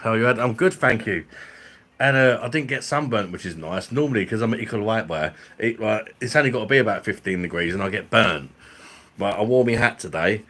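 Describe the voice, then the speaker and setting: Middle-aged bloke, low-pitched, sweary banter for a live stream. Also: male voice, lively intonation, brisk, fairly bright tone. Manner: blunt, sweary, jokey banter with chat. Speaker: live streamer and beer reviewer. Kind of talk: casual live-stream chat.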